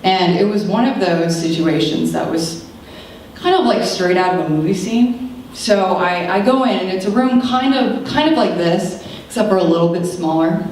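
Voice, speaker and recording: A woman in her thirties gives a keynote in a large lecture room, her voice a touch low as she tells a personal story with animated asides and voices for the people in it. She is picked up from well back in the room, with heavy echo and a faint hiss underneath. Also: normal speed. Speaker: keynote speaker. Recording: very echoey hall, distant mic.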